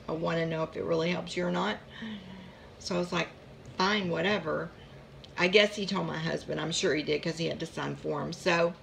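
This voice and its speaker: A woman recounts her own medical story in a relaxed, rambling way, drifting into small asides as she goes. Her voice sits a little low and has a gravelly, creaky edge. A faint hiss of noise runs under the recording. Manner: rambling, chatty, with fillers and asides. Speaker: vlogger sharing her chronic pain story. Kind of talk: casual personal storytelling.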